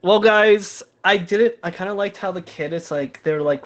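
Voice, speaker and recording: A man's voice: high voice, normal speed, highs cut off. A man co-hosting a podcast, chatting casually and agreeing often. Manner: chatty, agreeable, frequent yeahs. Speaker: podcast co-host. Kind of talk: casual chat.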